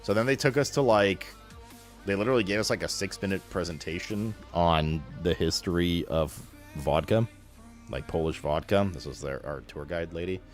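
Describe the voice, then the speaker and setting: A man's voice: sits low, moderate pace, faint music behind. A young man chatting casually with his stream viewers, rambling with lots of fillers and slang.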